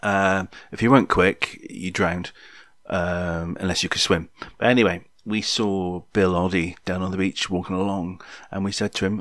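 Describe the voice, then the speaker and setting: Low-voiced, rambling man in his sixties. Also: fairly even intonation, normal speed, a bit bright, no echo, studio quality. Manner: rambling and jokey, with frequent ums and asides to listeners. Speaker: podcast storyteller. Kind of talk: casual spoken memoir.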